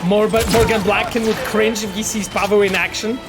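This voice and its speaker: A man's voice: sits high, level tone, a little fast, loud music behind the voice. A man streaming a game he helped make, chatting casually with viewers and thinking aloud with lots of fillers and swearing. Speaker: game developer streaming gameplay. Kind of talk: casual livestream commentary.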